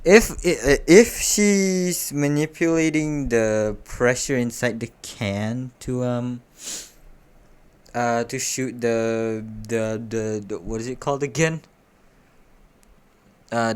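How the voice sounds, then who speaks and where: A man's voice: medium pitch, smooth. Young man reading fanfic, stumbling. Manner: reads haltingly, stumbles and corrects himself, joking asides. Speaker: fanfic reader. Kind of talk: casual read-aloud with commentary.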